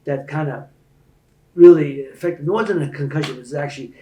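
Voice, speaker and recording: Older guy telling stories on a podcast, gets loud and fired up, roomy echo. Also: brisk, slight background noise. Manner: animated storyteller, rising loud and high when making a point. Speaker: interview guest. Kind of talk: storytelling in a podcast interview.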